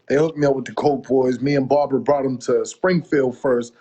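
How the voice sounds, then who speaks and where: A man's voice: medium pitch, a little fast, husky. A middle-aged man from the Boston area chatting on a video call as an interview guest, rambling through stories and acting out what people said. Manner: rambling, animated storytelling with quoted asides. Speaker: music promoter, interview guest. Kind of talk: casual interview chat.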